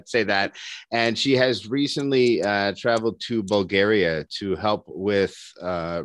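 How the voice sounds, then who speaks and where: A man's voice: fairly low pitch, fairly bright tone, dry recording. A man from Canada hosting a podcast over a remote call, chatting casually, restarting sentences and laughing often. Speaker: podcast host.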